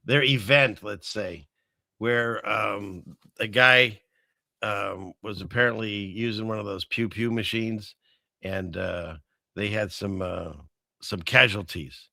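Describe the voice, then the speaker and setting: A man hosting a casual commentary show who rambles and drops sarcastic asides between chuckles. His voice is bright and forward, recorded dry and close. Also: lowish voice, steady tone, slow pace, creaky, dry recording. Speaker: host.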